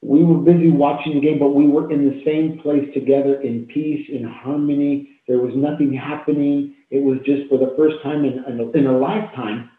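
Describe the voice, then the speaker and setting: A man in his fifties, a talk show guest telling a deeply personal story in an earnest, heartfelt way with repeated phrases, over a video call. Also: steady tone, moderate pace, hardly any pauses. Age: 50s. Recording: tinny phone-like echoey call audio.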